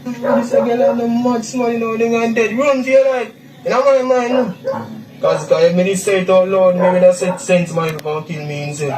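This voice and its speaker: A young man with a Jamaican Patois accent, giving a halting, repetitive eyewitness account, recorded in a distant, echoey, noisy clip. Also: sits high, steady tone, darkish tone. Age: young adult. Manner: halting, repeats himself, acts out quotes. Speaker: witness interviewee.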